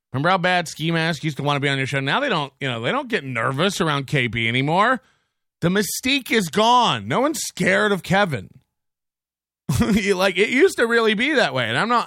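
A man hosting a comedy podcast, ranting in a mocking, profane way and often breaking into shouts. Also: on the high side, dry recording, studio quality. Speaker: podcast host.

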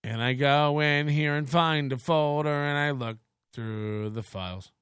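A man's voice: on the high side, fairly bright tone, clean tone, dry recording, studio quality. A man hosting a podcast, talking casually and self-deprecatingly over clips he plays. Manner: rambling, self-deprecating, unhurried. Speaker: podcast host.

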